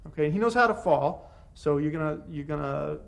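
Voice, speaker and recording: A man's voice: on the high side, expressive, normal speed, gravelly. A man teaching self-defense techniques to a class, giving short commands and encouragement as students practice. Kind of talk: hands-on class instruction.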